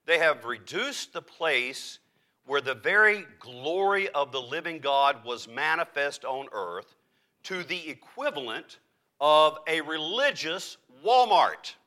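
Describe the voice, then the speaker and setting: A man preaching a sermon as pastor, emphatic with dramatic pauses and occasional restarts. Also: a little high, sharp tone. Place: church.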